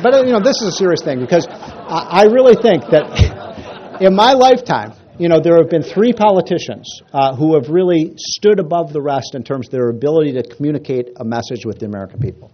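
A man's voice: fairly high pitch, a little fast, highs cut off, a little hiss or hum. A man giving a casual, rambling political talk to a crowd, telling jokes and stories. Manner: rambling, animated storyteller with restarts.

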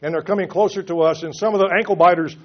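A middle-aged man giving a public speech to an audience, emphatic, pausing often and repeating words. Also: high-pitched, fairly even intonation, slight background noise. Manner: emphatic with frequent pauses and repetitions. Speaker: speaker addressing an audience. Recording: dull lo-fi recording.

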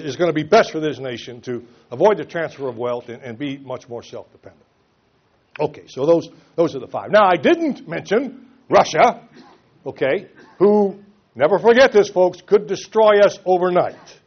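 A middle-aged man giving a public speech to an audience, emphatic, pausing often and repeating words. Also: high-pitched. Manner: emphatic with frequent pauses and repetitions. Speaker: speaker addressing an audience. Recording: dull lo-fi recording.

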